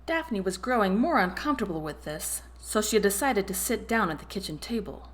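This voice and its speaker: A woman narrating a romance novel chapter in an expressive reading voice. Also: mid-range voice, moderate pace. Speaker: audiobook narrator. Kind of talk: storybook narration.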